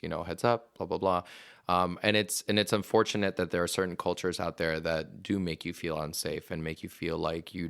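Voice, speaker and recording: Speaking in a deep, creaky voice with a fairly bright tone, a young Venezuelan actor chats as an interview guest on a podcast. He tells stories in a rambling way, full of fillers, recorded in studio quality with no room sound.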